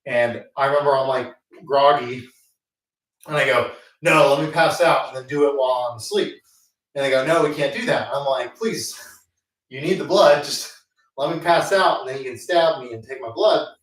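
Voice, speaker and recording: A man of middle pitch tells a rambling, self-mocking story full of fillers and restarts. He talks casually between training sets. He sounds heavily echoey and set back from the mic, as if in a hard gym room. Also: fairly quick, a bit bright, recorded from a distance. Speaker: host.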